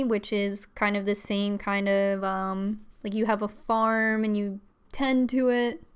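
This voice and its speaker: A woman's voice: on the high side, fairly bright tone, clear, resonant tone. A young adult woman hosting a casual live stream, chatting in a rambling way with fillers and small laughs. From Pennsylvania, US.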